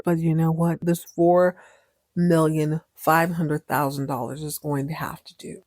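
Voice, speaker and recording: A woman's voice: fairly low pitch, darkish tone, no room sound, clean studio sound. A woman in her thirties hosting a podcast, recapping a soap opera casually with playful, sarcastic asides. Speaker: podcast host.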